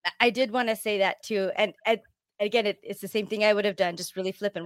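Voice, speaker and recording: A woman with a mid-range voice talks through her thoughts on a podcast. The sound is dry and close, with no room echo. She is candid and reflective and pauses to find her words. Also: mid-range voice, steady tone. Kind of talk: casual podcast discussion.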